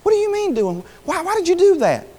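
A man putting on the stern voice of God, firing exasperated questions well above his usual pitch, with long reverb from a big hall. The manner is rapid and scolding, each question climbing higher than the one before. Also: wildly swooping pitch, warm tone, full character voice. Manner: rapid rising questions, pitch jumping high.

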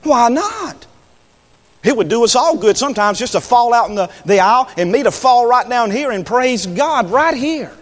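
A preacher with a high, lively voice, preaching a sermon in a church sanctuary. He slides from quiet, conversational asides up into ringing, impassioned shouts. The room adds a long reverb tail to every line. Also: brisk, few pauses. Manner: impassioned, swings from low talk to high shouts.

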